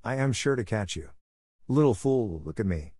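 A man voicing a vengeful female cobra who hisses slow, taunting threats in a storybook reading. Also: on the low side, expressive, dark tone, slightly rough, no room sound, studio quality. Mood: menacing. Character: vengeful female cobra queen, cold and menacing.

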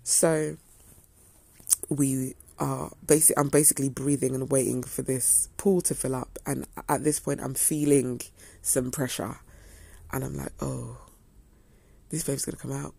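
A woman's voice: rumbling low, level tone, unhurried, gravelly, mellow, slightly rough, no room sound. A young woman telling a story to her viewers in a casual, chatty way. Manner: chatty, acts out quoted dialogue. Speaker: vlogger.

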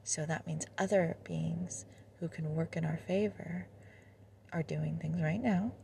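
A woman hosting a podcast, leading a guided meditation in a gentle, drifting voice that often drops to a half-whisper. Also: deep voice, fairly even intonation, measured pace, vocal fry, slight background noise. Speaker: podcast host.

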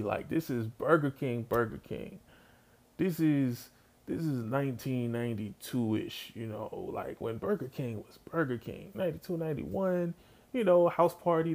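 A man telling a funny childhood story in a casual, slangy way, talking straight to his listeners. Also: mid-range voice.

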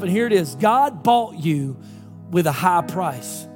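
A man's voice: high voice, animated, takes it slowly, soft background music. A male pastor preaching an impassioned sermon, full of emphatic rhetorical questions.

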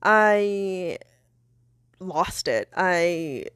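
A young woman hosting a podcast, telling a personal story in a candid, animated way, swearing and laughing between many fillers. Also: on the low side, extremely slow, smooth, dry recording, studio quality. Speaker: podcast host.

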